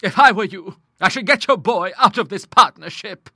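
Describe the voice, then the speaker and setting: Voicing a grim, severe middle-aged woman in an audiobook, this male narrator raises his pitch above his own into a high, sharp character voice. His pace is normal, the mood vehement, and her lines drip with scorn. The studio recording is clean with no echo.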